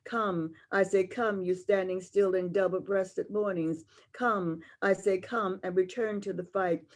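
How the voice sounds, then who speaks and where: A woman's voice: medium pitch, steady tone, measured pace. An older woman performing spoken-word poetry over a video call, chanting in a repetitive, call-and-response way. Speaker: poet.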